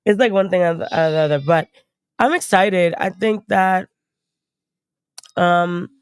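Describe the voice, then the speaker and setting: Woman, young adult, casual chat, blunt and profane, slightly sick voice, animated. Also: fairly low pitch, moderate pace, smooth, dry recording. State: recovering from a cold. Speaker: stream guest.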